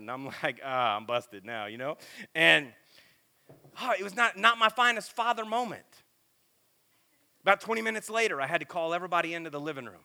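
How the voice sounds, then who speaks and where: A middle-aged man preaching a sermon in a casual, animated, self-deprecating storytelling way. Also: high voice, creaky. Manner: animated, self-deprecating, lots of filler and repeats.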